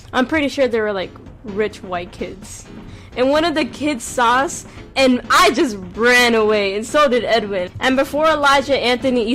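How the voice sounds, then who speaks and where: A young woman with a high voice tells a casual storytime for an animated video. She rants sarcastically and bursts into loud acted quotes, with faint music under her.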